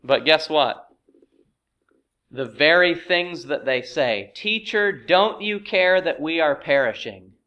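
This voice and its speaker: A man's voice: a little high, expressive, slow, lo-fi sound. A middle-aged man preaching a sermon, asking rhetorical questions and acting out quoted voices with rising intensity. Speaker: pastor.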